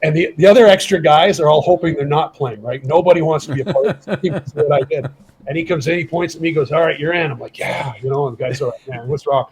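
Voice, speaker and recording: A middle-aged former hockey enforcer guesting on a podcast speaks fast in a slightly high voice. Animated and casual, he performs the quoted dialogue of his story, and the audio is poor.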